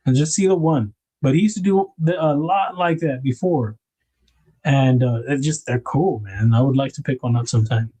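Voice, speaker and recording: Laid-back man, mellow voice. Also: medium pitch, moderate pace, husky. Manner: rambling, laid-back, greets viewers in chat by name. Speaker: livestream host and knife designer. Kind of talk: casual livestream chat.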